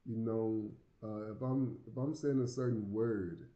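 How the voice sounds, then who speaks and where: A Southern American man with a lisp, talking to camera in a loose, rambling way and tripping over repeated words. His voice is very dark and mellow. It sounds roomy and a little muffled, like a home setup with echo. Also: on the low side, fairly even intonation, a little slow. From United States. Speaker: vlogger living abroad. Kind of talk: casual talk to camera.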